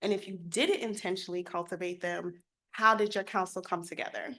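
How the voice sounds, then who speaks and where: Woman, bright tone, measured, panel moderator asking questions. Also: on the low side, steady tone.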